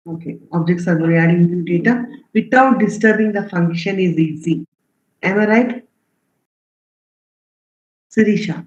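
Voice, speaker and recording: A programming instructor teaching a live online class, firing questions at students and reading their answers aloud. The voice sits at an ordinary middle pitch and keeps checking in with the class. The stream sounds roomy and muffled, with dull lo-fi audio. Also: a little mellow. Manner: frequent check-ins like "okay?" and "right?".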